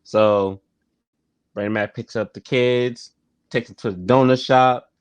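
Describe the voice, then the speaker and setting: A man hosts a casual review vlog, speaking straight into the camera at an unhurried pace. His pitch sits in the middle of the range, and he often repeats a phrase twice and pads his sentences with "like". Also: fairly even intonation, smooth, no room sound. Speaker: YouTube show host reviewing a sitcom. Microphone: talking straight to camera.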